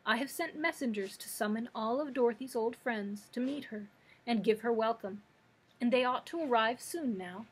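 A woman reading aloud and voicing a calm, gracious young princess. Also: fairly high pitch, moderate pace, slightly rough.

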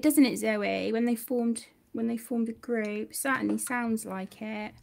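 A woman's voice: on the high side, steady tone, a little slow, gravelly, darkish tone. A young woman hosting a colouring livestream from home, chatting and reading out viewer comments. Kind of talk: casual livestream chat.

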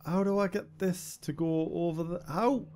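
A man's voice: sits high, steady tone, normal speed, warm tone. A young man giving casual, sweary gameplay commentary, thinking aloud as he plays. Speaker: game reviewer.

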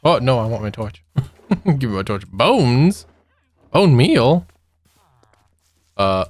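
A man's voice: medium pitch, sing-song, takes it slowly, dry recording. A young man giving casual let's-play commentary, nervous and giggly, talking to the monsters he meets. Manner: nervous, giggly, talks to mobs. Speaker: gaming youtuber.

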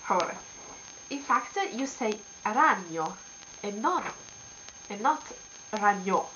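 Young woman, Italian accent, slow halting speech, dull lo-fi webcam sound, faint hiss. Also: a little high, sharp tone. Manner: hesitant, many fillers, giggly. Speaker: Italian language teacher. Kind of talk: casual video lesson.

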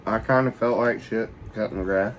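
A man's voice: lowish voice, steady tone, moderate pace, slight background noise, poor audio. A man chatting casually while eating, joking around and talking with food in his mouth. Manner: joking, laid-back, talks with food in mouth.

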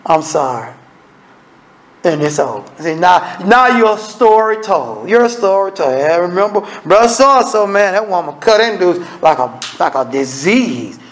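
A man's voice: high-pitched, rough recording. A man preaching an evening sermon in a folksy, conversational way, blunt and scolding with humor, often acting out little dialogues.

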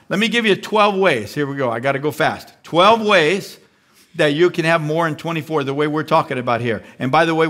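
Animated high-voiced male pastor. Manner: animated, acts out voices of the flesh and believers. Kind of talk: live sermon. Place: large church.

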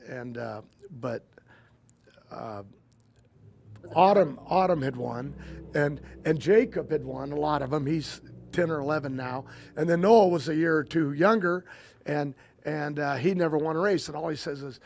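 Older man, guest storyteller, rambling halting delivery, slightly raised voice. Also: fairly high pitch, gravelly, darkish tone, a little hiss or hum. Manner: rambling, halting, repeats words and restarts. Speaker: guest, drag racing team owner. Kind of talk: casual interview storytelling.

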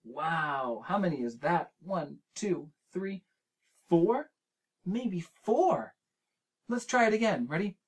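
A male children's show host plays a preschool word game, speaking directly and gently to the young viewer at home. He goes slowly, drawing out and sounding each syllable and encouraging every attempt, in a high, animated voice with a breathy edge.

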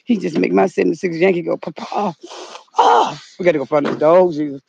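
A woman's voice: lowish voice, fairly quick, vocal fry, slightly rough, muffled recording. A woman hosting a comedic outdoor vlog in the cold, fretting aloud and calling out for her missing dog. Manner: excitable, frets aloud, calls out a dog's name. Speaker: channel host.

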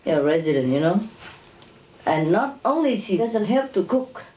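A woman's voice: medium pitch, very animated, normal speed, mellow. A woman giving an informal spiritual lecture to an audience, talking conversationally with chuckles and tag questions like "you know". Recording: echoey hall, distant mic, faint noise.

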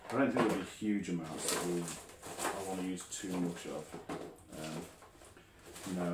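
A man's voice: low-pitched, very noisy. A man talking casually to camera as he builds tabletop terrain, rambling, mumbling and correcting himself while he works. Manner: rambling, self-correcting, mutters while working. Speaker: hobby crafter making terrain. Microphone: phone camera some distance away. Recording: roomy distant phone recording.

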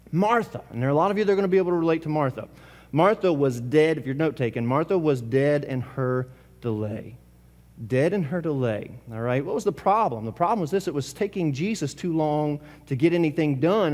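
In a church sanctuary, a pastor preaches a sermon in a casual style, asking his congregation questions. His voice sits on the high side with a darkish tone, and the sound is that of a big room.

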